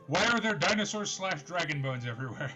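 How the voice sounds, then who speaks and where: Man, somewhat high voice, puzzled game questions, casual co-op chat. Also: expressive, a little fast, bright, forceful tone, soft background music. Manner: puzzled questions, reads game text aloud. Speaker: stream co-player. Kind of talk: casual chat over voice call.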